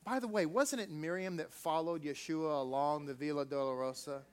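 Male preacher, high voice, emphatic, peppers the sermon with rhetorical questions. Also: moderate pace.

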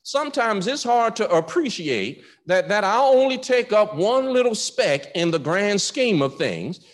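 A man preaching in a church, his voice high and swooping with lively rises and falls. He talks to the congregation in a conversational way, doubling words as he starts a thought, and the sound rings with a long hall reverb. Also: unhurried. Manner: repeats words when starting phrases, conversational and emphatic. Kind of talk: sermon.

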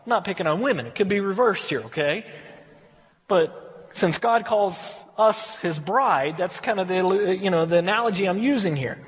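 A man's voice: sits high, normal speed, big-room sound. A man giving a conversational verse-by-verse Bible study, often repeating words as he thinks. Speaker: Bible teacher.

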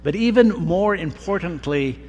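Slow, deliberate preacher in a reverberant hall. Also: male voice, high voice, lively intonation, a little mellow. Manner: slow, deliberate delivery with emphatic pauses. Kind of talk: sermon. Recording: long reverb of a large hall, faint hum.

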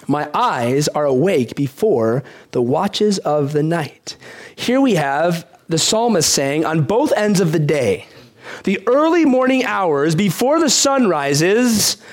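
Brief: male pastor, high voice, conversational sermon with rhetorical questions.

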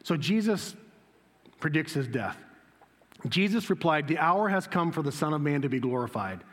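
A man preaching a sermon as pastor, reading scripture aloud and breaking into excited, high-pitched quoted speech. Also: moderate pace, big-room sound. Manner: animated, voice jumps high when quoting Jesus. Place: church.

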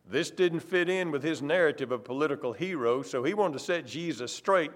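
Animated preacher man with lively pitch. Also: normal speed, hardly any pauses. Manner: emphatic, varies loudness and pace for stress. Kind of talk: sermon.

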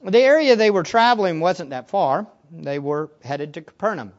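A man preaching a sermon as pastor, animated, swinging between quiet asides and loud emphatic lines. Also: high-pitched, moderate pace. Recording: dull lo-fi recording.

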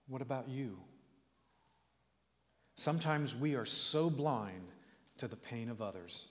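A male preacher giving a sermon in a church, telling stories in an earnest, measured way and building to rising calls to his listeners. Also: medium pitch, animated, long reverb tail.

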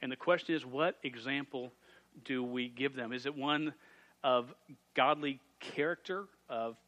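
Bright-voiced man preaching. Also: mid-range voice, a little slow. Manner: jokey, self-deprecating storytelling with lively asides. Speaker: youth pastor. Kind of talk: sermon to a youth group and parents. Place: church youth room.

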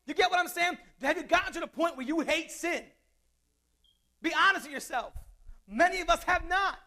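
A man's voice: very high voice, moderate pace, bright, forceful tone. A man preaching a sermon in a conversational way, mixing scripture with jokes and asides.

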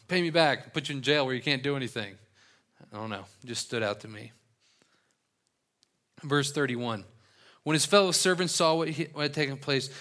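Joking casual young pastor. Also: male voice, mid-range voice, fairly bright tone. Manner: casual, joking asides while reading scripture. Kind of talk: sermon with Bible reading.

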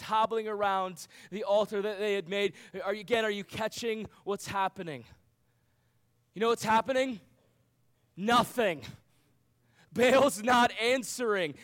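High-voiced man preaching earnestly. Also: a bit bright. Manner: earnest preaching with rhetorical questions and emphatic repetition. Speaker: youth pastor. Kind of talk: sermon.

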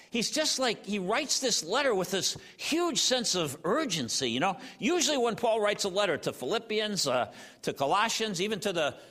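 High-voiced, animated preacher man; bright, long hall reverb. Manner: animated, conversational, with filler "you know" and "he's like". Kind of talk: sermon.

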